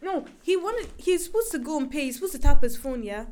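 A woman's voice: high-pitched, quick pace, slight background noise. A woman, a guest on a casual chat podcast, telling funny stories with lots of laughter and acted-out quotes. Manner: animated storyteller, acts out quotes, laughs often.

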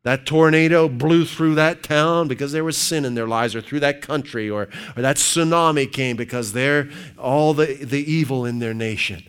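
A man preaching a sermon, asking his congregation questions and shifting from loud, emphatic reading of scripture to low, quiet asides. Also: normal speed, few pauses, clear, resonant tone.

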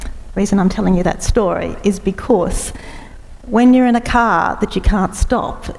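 A woman's voice: medium pitch, moderate pace, creaky, a little mellow. A woman interviewer who talks reflectively and shares a personal story before asking a question. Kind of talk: conversational interview. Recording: reverberant room.

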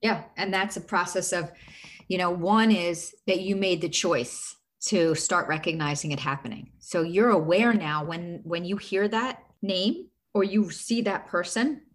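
A middle-aged woman coach with a slightly low voice talks earnestly. She walks through each step by asking herself a run of questions. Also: a little slow. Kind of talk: casual advice talk.

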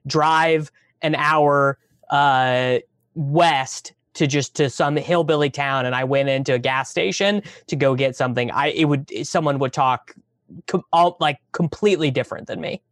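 A man's voice: fairly high pitch, a little slow, fairly bright tone, no room sound. Midwest guy on a podcast, rambles and repeats himself, kinda blunt, dry sound. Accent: Midwestern American. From Missouri, US. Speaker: podcast co-host. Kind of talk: casual podcast chat.

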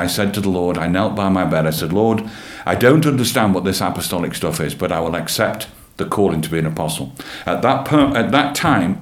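Man, low-pitched, earnest testimony, repeats himself, roomy echo. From England. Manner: earnest storytelling, repeats phrases, animated. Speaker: church leader and guest. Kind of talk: personal testimony in an interview.

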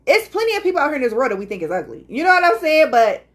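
A woman's voice: high-pitched, very fast. A woman co-hosting a casual podcast chat, telling stories animatedly and acting out what others said. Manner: animated storyteller, quotes people in playful voices. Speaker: podcast co-host.

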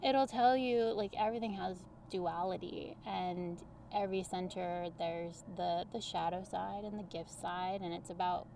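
A woman talking as a guest on a podcast, coaching people on human design in a lively, chatty way full of everyday examples. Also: on the low side, a little slow, gravelly, few pauses, slight background noise. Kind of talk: casual conversational interview.

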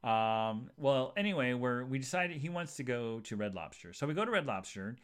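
A man hosting a podcast, telling a long rambling story in a chatty, animated way with many asides to his listeners. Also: normal speed, clean tone. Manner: rambling and animated, jumps to high voices for quoted people. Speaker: podcast host. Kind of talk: casual monologue storytelling.

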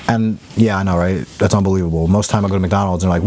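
A man's voice: lowish voice, racing, few pauses, a little mellow, a little hiss or hum. A young man co-hosting a podcast, telling stories in a rambling, profane casual chat full of fillers. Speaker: podcast co-host.

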